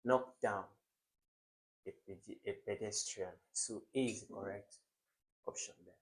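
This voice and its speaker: A man works through exam questions as a tutor, lively and emphatic in delivery. His voice sits in an ordinary middle pitch, and he keeps tossing rhetorical questions at the viewer. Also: rough recording. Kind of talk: classroom-style exam lesson.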